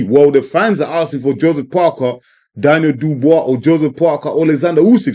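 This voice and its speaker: A man with a fairly high, dark-toned voice talks a little fast in an opinionated sports vlog about boxing. Emphatic throughout, he keeps repeating himself and ends lines with "man" or "you know what I mean."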